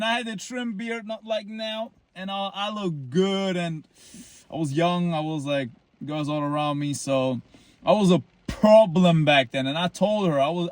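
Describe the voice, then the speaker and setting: A man's voice: sits high, a little slow, dry recording. Boastful young man rambling to camera. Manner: rambling, boastful, full of likes and restarts. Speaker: vlogger. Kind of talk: casual storytelling to camera. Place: outdoors in the cold near his home.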